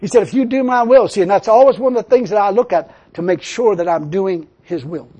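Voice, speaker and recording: A man's voice: high voice, brisk, dark tone. An older man preaching a sermon, telling a personal story and then building into emphatic preaching. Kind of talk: sermon testimony.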